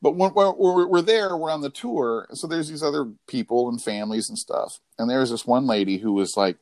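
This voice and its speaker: A man in casual chat, telling stories in a profane, rambling, animated way. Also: mid-range voice, moderate pace, dry recording.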